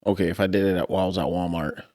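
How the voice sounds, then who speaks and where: A man hosting a casual podcast, animated and swearing, with short reactions. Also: low-pitched, rapid-fire. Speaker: podcast host.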